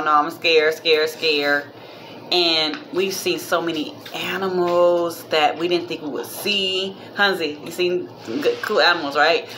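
A vlogging mother speaks to camera in a low voice that sounds pushed and bright, over a faint hiss or hum. Her casual talk rambles, heartfelt and religious, with "y'all" for viewers and a minor cough.

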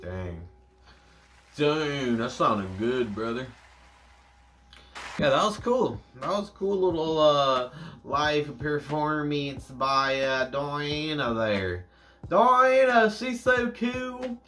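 A man's voice: medium pitch, expressive, slow pace, fairly bright tone. A young American man hosting a music reaction, talking casually with many fillers and jokey asides. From United States.

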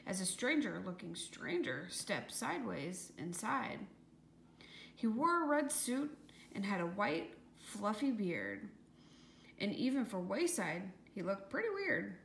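A woman's voice: mid-range voice, sing-song, measured pace, creaky, fairly bright tone. Woman narrating a rhyming storybook. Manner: lilting, sing-song rhyme. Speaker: audiobook reader. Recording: echoey room with faint hiss.

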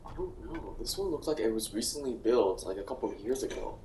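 A man's voice: mid-range voice, expressive, a little fast, warm tone, close to an everyday voice. A man voicing an easygoing robot bear mascot in a real-time game fandub. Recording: roomy, distant, faint background noise.

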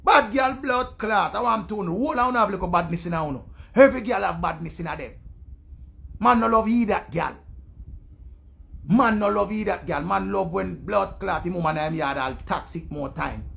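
Ranting Jamaican man, gravelly and high. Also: normal speed. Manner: loud, profane patois rant, mimicking voices. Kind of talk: ranting commentary.

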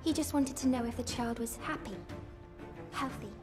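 A gentle young mother in a TV drama, played by a woman with a well-spoken RP accent. Her voice is highish and soft, with music behind it. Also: normal speed, lightly acted. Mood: earnest. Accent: RP English.

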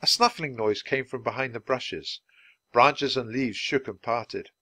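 A man reading a children's book aloud, at a steady, clearly paced speed for language learners. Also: mid-range voice, unhurried, dry recording. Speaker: storybook reader.

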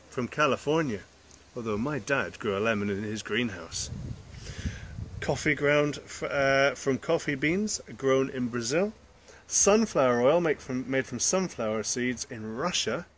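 A man's voice: a little high, fairly bright tone, slight background noise. A man reading a children's picture book aloud, adding chatty asides to the listeners. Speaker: storyteller.

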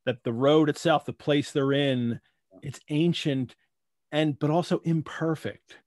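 A man hosting a live online book discussion, reading closely and talking with animated swings in pitch over a video call. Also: measured pace, no echo, studio quality. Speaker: host.

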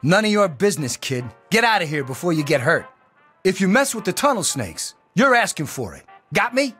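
An actor playing a cocky teenage bully who taunts and threatens others, with game music behind. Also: male voice, high-pitched, big pitch swings, brisk, bright, forceful tone, breathy edge, exaggerated voice. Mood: taunting. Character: teenage male bully, gang leader, sneering. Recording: game audio with background music.

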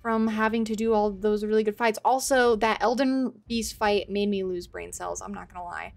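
A woman's voice: mid-range voice, steady tone, normal speed, gravelly. A woman streamer giving live gameplay commentary, exasperated, swearing and laughing often.

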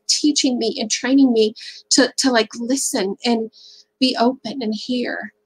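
A middle-aged woman with a somewhat high voice gives a faith-based seminar talk. She speaks candidly and conversationally, often tossing in "right?" to keep listeners with her. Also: fairly bright tone, slight background noise, low-quality recording.

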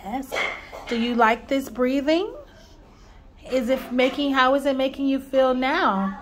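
A young woman teacher patiently calming a small child, speaking in a soothing, reassuring way in a classroom. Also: high voice, a little slow. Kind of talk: gentle coaching of a young child. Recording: noticeable background noise.

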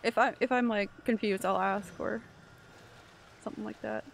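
A woman live-streaming a horror game, reacting excitably and chatting with her viewers as she plays. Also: mid-range voice, normal speed, creaky, slight background noise. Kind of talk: live gameplay commentary.

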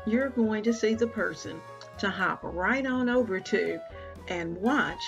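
A woman's voice: mid-range voice, a little slow, muffled recording, music in the background. A woman hosting her cooking channel from her home kitchen, chatting casually as she walks viewers through each step of a recipe.

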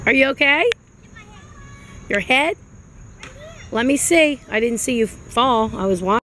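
A mother's high, bouncing voice coaxes her toddler in sing-song baby talk, taking her time between phrases. She is recorded outdoors at a playground on the handheld camera she holds, with a little noise behind her. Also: expressive, measured pace, fairly bright tone. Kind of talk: home video chat.

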